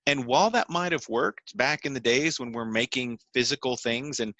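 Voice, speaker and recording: A man's voice: medium pitch, lively intonation, moderate pace, bright, forceful tone, no echo. A man on a podcast explaining his views earnestly, making his points through repeated phrases and everyday examples. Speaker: podcast co-host.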